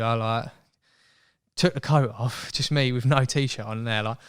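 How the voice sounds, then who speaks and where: A young man telling a story as a podcast guest in casual chat, animated and acting out voices. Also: mid-range voice, unhurried, clear, resonant tone. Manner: chatty, animated, acts out quoted voices.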